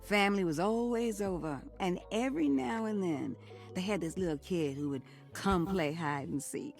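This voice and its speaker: A woman voicing a gossipy old household appliance in a video game, with a gravelly, teasing, knowing way of telling stories. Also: lowish voice, moderate pace, darkish tone, faint music behind. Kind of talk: video game character dialogue.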